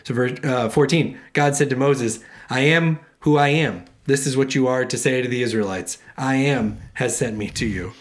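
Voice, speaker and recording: A man co-hosting a casual talk show, reading scripture passages aloud and then riffing on them with playful, animated asides. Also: mid-range voice, normal speed, few pauses. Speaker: podcast co-host reading scripture. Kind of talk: casual chat.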